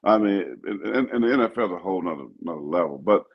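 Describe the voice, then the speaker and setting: An older man, a pastor and co-host, talking sports in an animated, preachy way that repeats itself. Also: sits low, rapid-fire, lo-fi sound. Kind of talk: casual sports talk.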